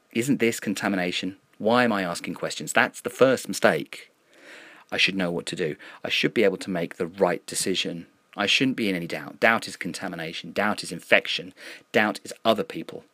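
Brooding deep-voiced man reading horror. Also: a bit bright, dry recording. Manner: uneasy, brooding, measured. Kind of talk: first-person horror story reading.

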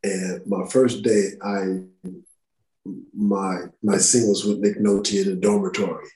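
A man, a podcast guest who is an actor, telling stories in a casual, profane, animated way and acting out quotes. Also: deep voice, takes it slowly. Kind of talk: casual storytelling interview. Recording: roomy echo.

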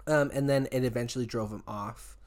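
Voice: medium pitch, steady tone, brisk, darkish tone. A podcast co-host casually telling a true-crime story, laughing often and dropping crude jokes.

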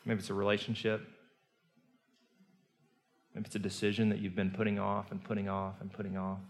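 A male pastor preaching a sermon, telling the story earnestly and moving between hushed and emphatic delivery. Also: fairly low pitch, completely flat delivery, a little fast. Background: soft guitar music.

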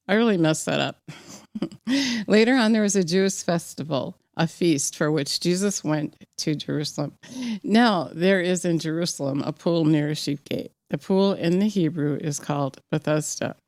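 A woman's voice: fairly low pitch, normal speed, a little mellow, no echo. Fervent woman preaching, dry close sound. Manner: fervent, exhorting, rising to emphatic peaks; reads scripture aloud with slips and restarts. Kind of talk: personal devotional sermon.

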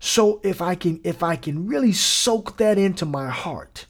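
A man's voice: high-pitched, animated, measured pace. A man delivering a conversational sermon, casual and emphatic, repeating lines for effect and mixing in slang. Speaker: preacher.

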